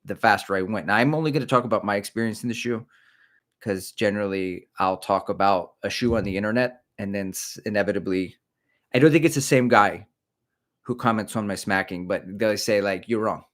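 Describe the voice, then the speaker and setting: Rambling middle-aged man, lowish voice. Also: fairly quick. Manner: rambling, self-mocking, animated. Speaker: running channel host. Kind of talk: casual livestream chat. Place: indoors, creaky chair.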